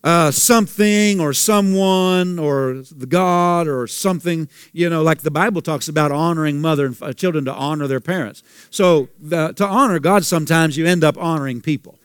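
A man's voice: a little high, normal speed, few pauses, clear, resonant tone, no echo, studio quality. A male pastor preaching a sermon, asking the congregation questions and repeating phrases for emphasis.

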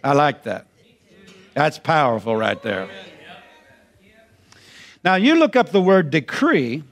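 A man preaching with a high voice. He talks in a folksy, repeating style and climbs toward ringing, shouted emphasis. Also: huge pitch swings, takes it slowly. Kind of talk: sermon.

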